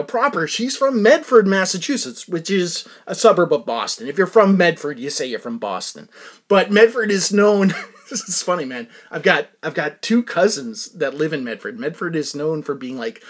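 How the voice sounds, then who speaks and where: Lively husky man reacting to music. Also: a little high. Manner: excitable, laughs often, tells anecdotes. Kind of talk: casual music reaction chat.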